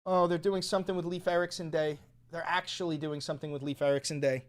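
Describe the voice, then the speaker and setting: A young man hosting a comedy commentary vlog, swinging from mumbled asides to shouted rants. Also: a little high, fairly even intonation, fast talker.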